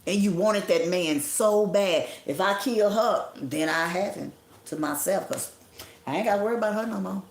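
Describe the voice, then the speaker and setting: A grieving woman delivers a passionate, preaching livestream monologue. Her voice carries a noticeable echo from the room around her. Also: lowish voice. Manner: impassioned, preaching and scolding. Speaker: livestream host. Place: indoor room at home.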